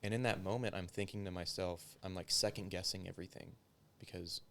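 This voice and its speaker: A man's voice: deep voice, fairly even intonation, a little fast, a bit bright, a little hiss or hum. A man, a former police officer, recounting a story in a casual interview, swearing often and filling his speech with "like". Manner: profane, filler-heavy storytelling.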